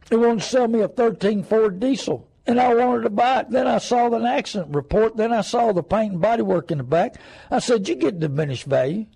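An older man with a drawl hosts a call-in radio show, rambling through folksy stories. His voice sits high and comes out husky. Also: low-quality recording. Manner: folksy, rambling, animated storytelling. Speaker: radio talk show host.

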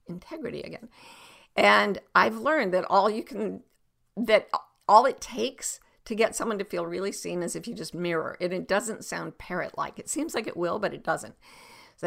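Woman, middle-aged, coach, podcast advice, gravelly, expressive, occasional whispers. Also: mid-range voice, normal speed. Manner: expressive, acts out example exchanges, sometimes drops to a whisper.

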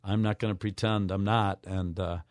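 A man of mature years, a radio show guest, earnestly telling a personal story with halting restarts. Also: low-pitched, steady tone, dry recording, studio quality. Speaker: guest, author.

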